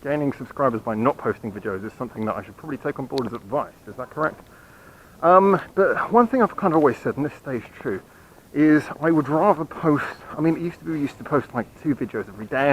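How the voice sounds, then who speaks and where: A man's voice: mid-range voice, fast, a little hiss or hum, low-quality recording. Rambling man vlogging on a night walk. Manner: rambling, apologetic, self-mocking. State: hiccuping. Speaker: channel host. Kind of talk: casual walking vlog update. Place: quiet city street at night, outdoors. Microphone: handheld camera while walking.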